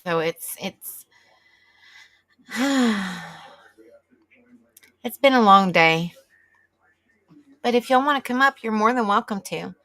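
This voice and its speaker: Bright chatty woman streamer. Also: medium pitch, lively intonation, slow, pauses often. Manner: chatty and rambling, reacts aloud while reading chat. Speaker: livestream host. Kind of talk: casual chat to live viewers.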